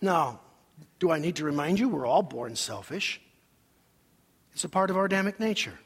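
A man preaching a sermon as pastor, acting out quotes in a lively, animated way. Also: a little high, normal speed, breathy edge. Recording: long hall reverb.

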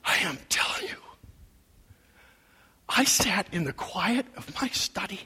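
A man preaching a sermon as pastor, telling a personal story with emotion, his voice going from soft asides to loud cries. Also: sits high, sing-song, slow, pauses often, husky, whispered. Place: large church sanctuary. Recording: long hall reverb.

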